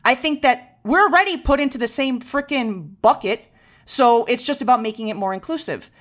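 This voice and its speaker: A young woman from Venezuela co-hosting a podcast, talking with passion and speed and slipping in Spanish words. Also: fairly high pitch. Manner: impassioned, rapid and animated, mixing in Spanish words. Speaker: podcast co-host. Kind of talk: casual chat.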